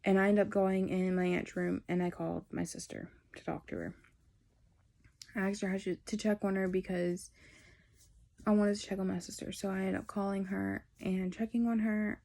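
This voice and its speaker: A woman's voice: mid-range voice, flat delivery, moderate pace, vocal fry, dark tone. A teenage woman, telling a personal story in a candid, rambling way. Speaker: vlogger.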